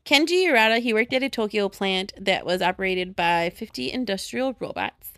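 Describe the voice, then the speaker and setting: A woman's voice: medium pitch, lively intonation, moderate pace, fairly bright tone, smooth, no echo, clean studio sound. A woman with a Chicago accent co-hosting a podcast in casual, giggly chat, full of "like". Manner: giggly, chatty, lots of "like". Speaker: podcast co-host.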